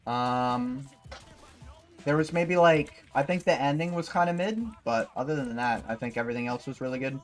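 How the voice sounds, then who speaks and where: A man's voice: on the high side, animated, moderate pace, faint music behind. Casual swearing male streamer. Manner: rambling, swears freely, lots of fillers like "you know". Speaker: livestreamer. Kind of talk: casual stream chat while gaming.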